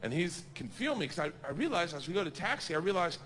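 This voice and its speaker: Brash stand-up comic, high and lively, crude storytelling, live club crowd noise behind. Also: male voice, quick pace. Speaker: stand-up comedian. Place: comedy stage before a crowd.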